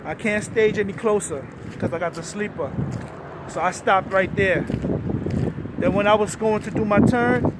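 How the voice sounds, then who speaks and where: A man, a truck driver, angrily ranting in a vlog outdoors by his truck, cursing often and breaking into shouts. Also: high-pitched, moderate pace. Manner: profane, agitated, rising to shouts. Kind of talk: angry vlog rant. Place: outdoors by a truck at a loading yard. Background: faint vehicle and outdoor noise.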